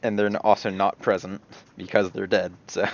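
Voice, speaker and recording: A man's voice: low voice, little pitch movement, a little fast, vocal fry, darkish tone. A man narrating as game master for a tabletop game among friends, laughing often and restarting his sentences. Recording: dull lo-fi recording.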